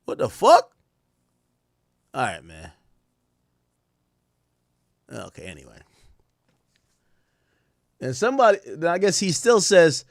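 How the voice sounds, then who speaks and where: A young man streaming live, trash-talking basketball players in a loud, profane, excitable way, his voice jumping up and down. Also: unhurried, pauses often, no echo, studio quality. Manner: loud, profane trash talk with sudden jumps in pitch and volume. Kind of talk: casual live-stream commentary reacting to chat and posts.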